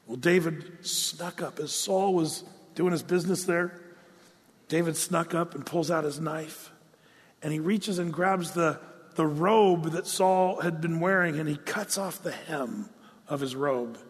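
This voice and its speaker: High-voiced man preaching in a hall. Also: a little slow, breathy edge. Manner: storytelling, acts out quotes with playful asides. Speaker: pastor. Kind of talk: sermon.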